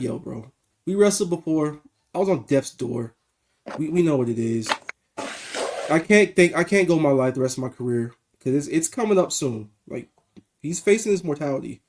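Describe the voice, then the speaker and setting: Man, slightly high voice, casual podcast co-host, animated, blunt, video call. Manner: animated, swearing, quick asides. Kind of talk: casual wrestling review chat.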